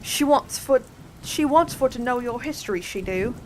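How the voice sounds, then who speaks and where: Griffin for a storybook: woman plays a male beast, loud, bossy, ungrammatical, fairly high. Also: lively intonation, normal speed, a little hiss or hum, lightly acted. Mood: brusque. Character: brusque, common-talking male griffin creature. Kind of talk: ASMR storybook reading.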